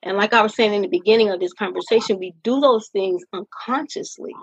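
A middle-aged woman speaking as a podcast guest, telling her own story in an earnest, deliberate way and leaning on key phrases. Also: mid-range voice, husky, no echo, dull audio. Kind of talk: candid personal storytelling in conversation.

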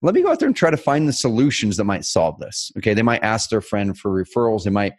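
A man co-hosting a casual business chat, telling stories with lively energy. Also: lowish voice, no echo. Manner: energetic, fast, animated storytelling. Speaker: co-host.

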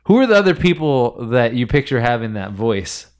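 A man hosting a casual podcast chat, talking in a loose, riffing way with drawn-out fillers. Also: mid-range voice, very animated, clear, resonant tone. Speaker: podcast host.

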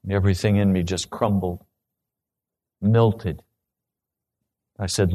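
Slow, earnest male preacher. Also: sits low, steady tone, dark tone. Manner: slow, earnest testimony, rising to urgent questions. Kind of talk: sermon.

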